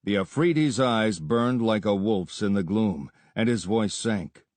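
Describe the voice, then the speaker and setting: A man reading an adventure story aloud as narrator, in a steady, measured storytelling manner. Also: lowish voice, dry recording. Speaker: audiobook narrator. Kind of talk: scripted narration.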